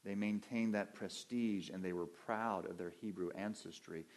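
Lower-voiced man preaching a conversational sermon. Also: steady tone, moderate pace, a little mellow. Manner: conversational teaching, asks listeners questions and answers them. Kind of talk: evening Bible-teaching sermon.

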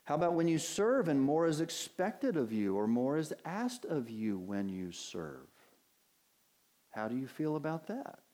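A man's voice: on the high side, very animated, a little slow, mellow. A male pastor preaching a sermon from the pulpit, earnest and emphatic, with many rhetorical questions. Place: church sanctuary at a pulpit.

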